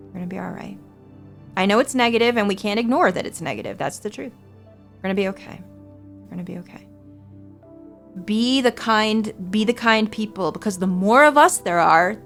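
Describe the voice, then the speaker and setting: A woman's voice: medium pitch, fairly bright tone. A woman in her forties from the United States, a streamer chatting casually with viewers in an earnest, reassuring way and swearing freely. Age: 40s.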